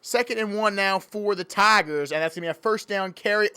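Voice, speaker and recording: A man's voice: high-pitched, fast talker, sharp tone, smooth, no echo. A man calling play-by-play in a joking mock sports broadcast, playful and easily sidetracked. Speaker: play-by-play commentator.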